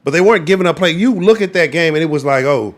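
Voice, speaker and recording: A man's voice: a little high, lively intonation, quick pace. A young adult man, hosting a live-streamed sports talk show in a heated, profane rant.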